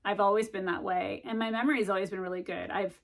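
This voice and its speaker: Chatty middle-aged woman with vocal fry. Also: medium pitch, steady tone, fast. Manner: chatty and rambling, many ums and likes. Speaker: vlogger giving study tips. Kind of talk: casual chat to camera.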